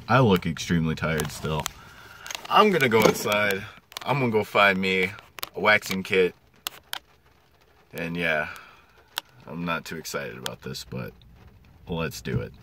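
A man's voice: low voice, noisy background. A young man vlogging casually from his car, swearing, joking and ranting. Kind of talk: casual vlog talk. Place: car while driving.

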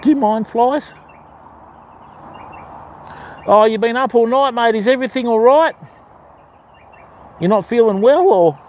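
A man's voice: very high-pitched, normal speed, lo-fi sound. An Australian man hosting a casual fishing livestream outdoors by a river, chatting with viewers and greeting them by name. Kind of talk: casual live-stream chat.

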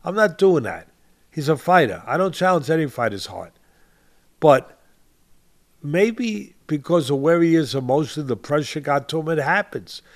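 An older man with a fairly high speaking voice hosts a boxing podcast. He talks with passion and drives each point home by repeating short phrases, now and then calling his co-host by name. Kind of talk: impassioned podcast commentary.

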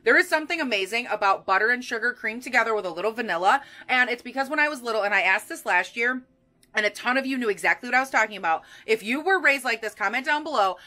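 A woman's voice: on the high side, lively intonation, quick pace, bright, forceful tone. A young woman in her twenties filming a casual baking vlog in her home kitchen, talking to viewers in a goofy, bubbly way with sing-song asides, picked up by a camera propped on the counter. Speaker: vlogger.

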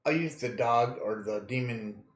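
Speaking at a measured pace in a medium-pitched voice, a man casually comments on the video game he's playing as a let's-play streamer. He cracks crude jokes, laughs frequently, and reads game text out loud, with noticeable reverb.

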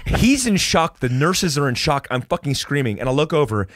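A man's voice: a little high, normal speed, dry recording, studio quality. A man from the United States telling a wild story as a podcast guest, swearing a lot and restarting sentences. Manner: animated, heavy swearing, restarts. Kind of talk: casual storytelling interview.

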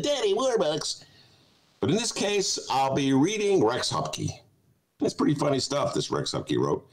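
A man's voice: on the high side, poor audio. A man hosting a talk show, giving casual comic commentary in a digressive way and often breaking into laughter.

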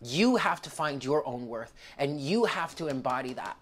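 A woman with a low voice reads tarot cards for her viewers. She sounds close to tears and speaks emotionally, calling the listener honey and swearing freely. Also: expressive, moderate pace. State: tearful. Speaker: tarot reader.

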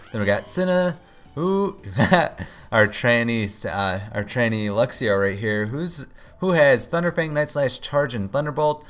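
A man talking through his gameplay in a loose, casual way at an everyday pitch. He gets worked up easily, shouting in disbelief and pleading with the game when things go wrong. Soft music plays underneath. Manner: excitable, groans and pleads at the game. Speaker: let's play host.

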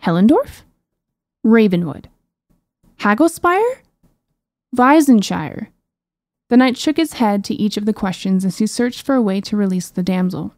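A woman narrates a fantasy audiobook in a warm, mellow voice. Her delivery is even and storybook-like, with dry, wry asides. The sound is close and dry. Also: medium pitch, a little fast, hardly any pauses, no room sound. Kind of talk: scripted narration.

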